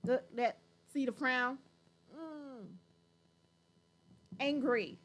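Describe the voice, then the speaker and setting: A woman with a high, bright voice that swoops up and down, hosting a casual livestream and reacting to viewer comments. She talks at an unhurried pace, and her delivery is playful and teasing, with frequent laughter. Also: lively intonation.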